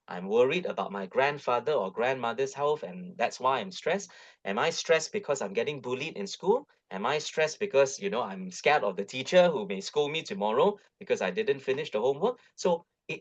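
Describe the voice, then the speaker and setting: A middle-aged man with a Malaysian English accent gives a webinar talk on parenting, coaxing and lively, full of tag questions. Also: medium pitch. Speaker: guest speaker. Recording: dull lo-fi webinar audio.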